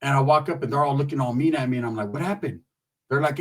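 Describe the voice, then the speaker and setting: A man telling a story from his own life in casual, profane street slang, animated as he goes. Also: mid-range voice, racing, far from the mic, rough recording.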